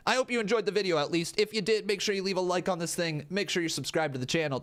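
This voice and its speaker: Excitable man reacting loudly. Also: medium pitch. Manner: excitable, yelps and shouts in reaction; playful, self-mocking. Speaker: wrestling YouTuber. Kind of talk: casual reaction commentary.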